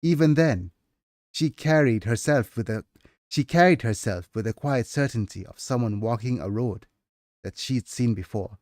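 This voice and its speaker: A man's voice: mid-range voice, moderate pace, darkish tone, no room sound, lightly acted. Aging scribe narrator with a Nigerian accent, solemn memoir tone, dry close sound, read by a man. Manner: solemn and reflective. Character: aging male scribe recalling his past. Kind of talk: reading a novel aloud.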